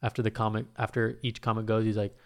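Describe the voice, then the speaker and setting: A young man casually telling a story in a rambling, profane, animated way, full of restarts. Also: on the low side, quick pace, gravelly, clean tone.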